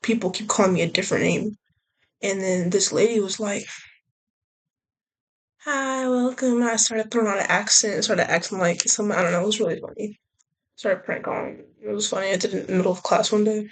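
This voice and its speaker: A woman's voice: mid-range voice, steady tone, fairly quick. A young woman vlogger rambling casually, often trailing off and restarting her thoughts. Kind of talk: casual chat.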